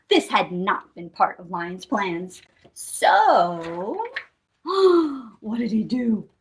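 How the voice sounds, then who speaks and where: A woman hosting a children's storytime, reading a picture book aloud with expressive, sing-song storytelling. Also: mid-range voice, slow pace, slight background noise.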